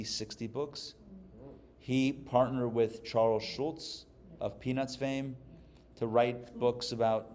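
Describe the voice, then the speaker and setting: A rabbi from Pittsburgh gives a live class to an audience, telling jokes with animated energy. His pitch sits in the middle for a man. Faint noise runs under the recording. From Pittsburgh, USA. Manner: animated, joking storyteller.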